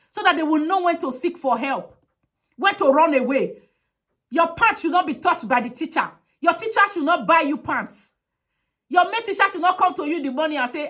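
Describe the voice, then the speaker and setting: A woman's voice: sits high, fairly bright tone. A woman giving an impassioned public appeal, speaking emphatically and repeating her direct demands. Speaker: advocate.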